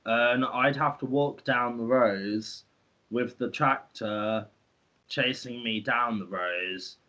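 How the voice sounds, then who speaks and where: A man's voice: on the low side, bright, forceful tone. A man co-hosting a podcast, telling stories about farm work in a chatty, rambling way with many restarts. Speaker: podcast co-host. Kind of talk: casual storytelling.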